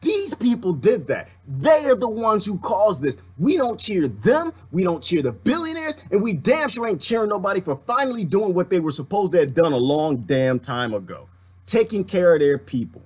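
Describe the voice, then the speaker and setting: A man delivering an impassioned political rant, fiery and heated, swinging between outbursts and muttering to calm himself. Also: high voice, normal speed, husky. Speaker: commentary vlogger.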